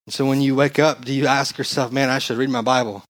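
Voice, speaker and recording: A young adult man, a pastor, preaching a casual, slangy sermon into a handheld mic and growing more excited as he goes. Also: mid-range voice, quick pace.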